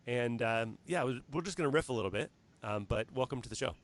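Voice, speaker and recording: A Canadian man hosting a casual livestream interview, talking in quick, rambling, earnest bursts. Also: medium pitch. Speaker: host.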